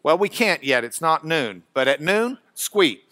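A man's voice: fairly high pitch, sing-song, moderate pace, pushed and bright, dry recording. A man teaching a Bible class, folksy and chatty, with asides and restarts. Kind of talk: classroom lecture.

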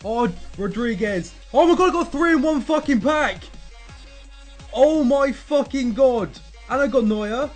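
A man's voice: extremely high pitch, unhurried, soft background music. A man stunned and swearing in disbelief at his pack. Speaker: gamer opening packs.

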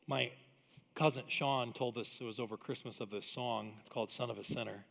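A middle-aged man preaching a sermon in a church, emphatic and energetic, with quick conversational asides. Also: mid-range voice, creaky. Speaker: pastor. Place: church auditorium. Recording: long reverb of a large hall.

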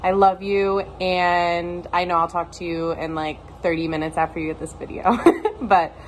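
A woman's voice: fairly low pitch, flat delivery, moderate pace, low-quality recording. Heartfelt woman with faint background hiss. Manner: warm, heartfelt, with fillers. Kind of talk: video message to a friend.

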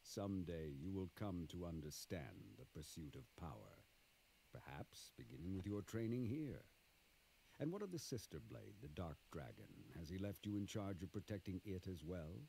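A stern old ninja master in a game cutscene, with a very deep, gravelly voice. His delivery is grave and measured, and his pitch swings widely under a dark, mellow tone. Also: big pitch swings, a little hiss or hum, full character voice, low-quality recording. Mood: probing. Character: stern older male ninja master, hungry for power. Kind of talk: video game cutscene dialogue.

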